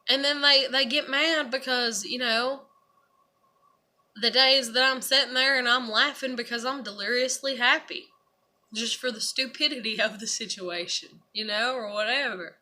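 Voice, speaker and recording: Speaking at a moderate pace, this woman has a fairly high, bright, forceful voice. She's a vlogger rambling through a personal monologue to camera, cursing openly and filling gaps with "you know" and "I'm like."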